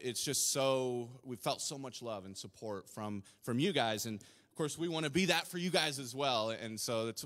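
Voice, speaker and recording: A man on the church staff talking to the congregation, earnest and a little emotional, halting and restarting, recorded in a church sanctuary. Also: medium pitch, bright, forceful tone. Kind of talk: casual address to congregation. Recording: long reverb of a church hall.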